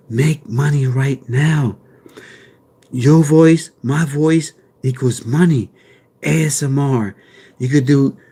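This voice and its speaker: A man hosting a live stream, talking loudly and jokily, rambling and calling out chat members by name. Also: fairly high pitch. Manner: loud, joking, rambling, talks to chat by name.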